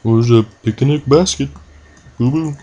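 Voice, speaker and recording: A man doing a jokey, rough impression of a jolly cartoon bear. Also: mid-range voice, unhurried, warm tone, voice pushed up. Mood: goofy. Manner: jokey impression, admitted as bad.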